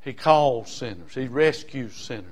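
A man from South Carolina with a Southern accent, preaching a sermon in rhythmic bursts with call-and-response amens, swinging from loud shouts to quiet asides. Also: mid-range voice, animated, measured pace. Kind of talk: fiery sermon.

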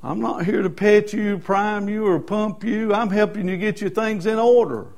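A man's voice: sits high, steady tone, moderate pace, vocal fry, a little mellow. A middle-aged man preaching a Baptist sermon with emphatic repetition. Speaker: Baptist pastor.

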